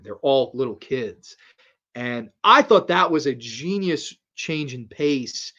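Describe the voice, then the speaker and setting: A young man hosting a casual horror film review, rambling and swearing freely, excited by what he talks about, sometimes answering live chat. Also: mid-range voice, lo-fi sound. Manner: rambling, profane and enthusiastic, reacts to live comments.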